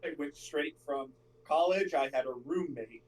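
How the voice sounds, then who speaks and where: A man's voice: a little high, normal speed, a little mellow. A young man chatting casually before a tabletop game, laid-back, cursing freely and telling short stories about his life. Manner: laid-back, swearing, storytelling. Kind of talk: casual chat among friends. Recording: distant mic.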